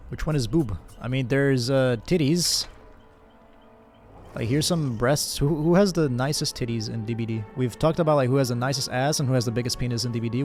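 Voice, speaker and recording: Chill young guy streaming games, rambles to chat, thanks everyone, medium voice. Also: mid-range voice. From Brazil. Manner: relaxed, rambling, thanks chat by name, frequent laughs and fillers. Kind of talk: casual live-stream chat with viewers.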